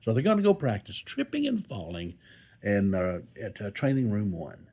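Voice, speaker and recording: Older man, husky, lively low voice. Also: moderate pace, lo-fi sound. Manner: rambling, folksy, joking asides. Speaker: vlogger. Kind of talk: casual talk to camera. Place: hospital room.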